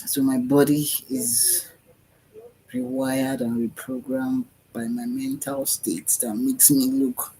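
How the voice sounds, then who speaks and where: A man talks to camera in a rambling spiritual self-talk vlog, his mid-range voice steady, dark and slow. He meanders dreamily, repeats himself, sighs and yawns. The audio is poor, with slight background noise.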